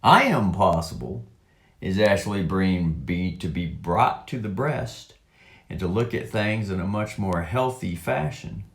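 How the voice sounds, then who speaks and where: Deep-voiced man, unhurried and halting, drawn-out words and fillers, reading and riffing in a reverberant room. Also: vocal fry. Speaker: online commentator. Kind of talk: rambling monologue reading and commenting on a text.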